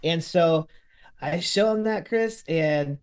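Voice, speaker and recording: A man telling a story in lively podcast chat, acting out what others said. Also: a little high, slow, clear, resonant tone. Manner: lively, acts out quotes of others.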